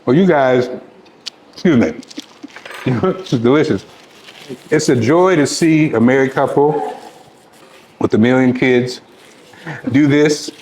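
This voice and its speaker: A man's voice: mid-range voice, slow, long pauses, a little mellow, a little hiss or hum. A man hosting a show, interviewing a restaurant owner casually in her restaurant in an upbeat way and laughing easily. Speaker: show host. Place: inside a restaurant. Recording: echoey room.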